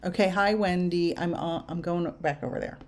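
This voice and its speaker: With a fairly low pitch, an older woman working as a medium answers livestream viewers' questions and gives readings. She speaks slowly and reflectively, laughing softly at times.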